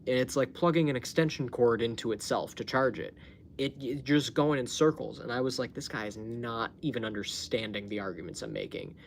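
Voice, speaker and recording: A man's voice: medium pitch, a little fast, slight background noise. A man hosting his own live stream, chatting casually and telling a story, laughing often and swearing freely, recorded on a phone at home. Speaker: livestream host.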